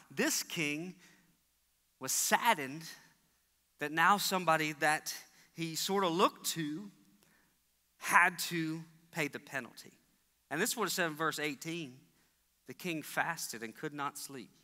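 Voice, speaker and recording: A man preaching a sermon as pastor, telling stories and acting out the voices in them. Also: pushed and bright. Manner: storytelling, acts out voices with big pitch jumps. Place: church sanctuary. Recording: long church hall reverb.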